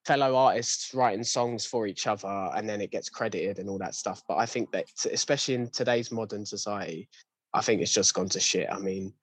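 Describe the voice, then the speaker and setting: A man's voice: on the low side, a little fast, husky, no room sound. A young man in a casual chat, ranting with lots of slang and restarts.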